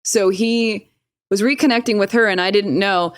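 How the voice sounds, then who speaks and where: A woman's voice: mid-range voice, steady tone, moderate pace, smooth, no room sound, studio quality. A young woman, a podcast guest, telling a personal story in casual talk, swearing freely and laughing often.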